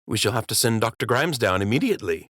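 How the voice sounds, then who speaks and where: A man's voice: fairly low pitch, big pitch swings, fast talker, fairly bright tone, no room sound, studio quality. A man voicing a loyal, earnest male rabbit captain who speaks steadily.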